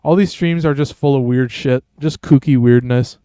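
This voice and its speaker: A man's voice: mid-range voice, normal speed, dark tone, clear, resonant tone, no room sound, clean studio sound. A man streaming a game, chatting casually and rambling in a laid-back, slangy way. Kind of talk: casual gameplay commentary.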